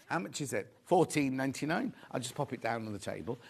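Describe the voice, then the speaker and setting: A man's voice: medium pitch, expressive, quick pace, creaky, breathy edge. A man presenting a live sewing shopping show, chatty and reading out viewer comments. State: out of breath. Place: TV studio.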